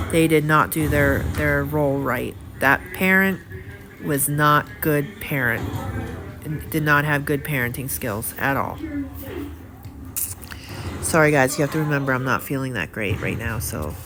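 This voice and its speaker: A middle-aged woman with a lowish voice delivers a casual vlog monologue. She rambles with fillers and repeats herself, sounding indignant. Steady background noise sits under the recording. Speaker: vlogger.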